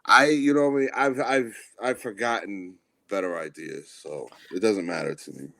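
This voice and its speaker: A man's voice: lowish voice, normal speed, creaky, a bit bright. A man co-hosting a podcast who talks in a blunt, opinionated way, often ranting in casual sports chat. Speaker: podcast co-host.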